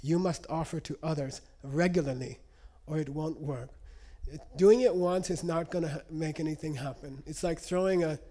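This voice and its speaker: A man's voice: on the high side, normal speed, few pauses, warm tone. A man giving a live lecture to an audience, teaching in a conversational way and checking in often with "okay?". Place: lecture room.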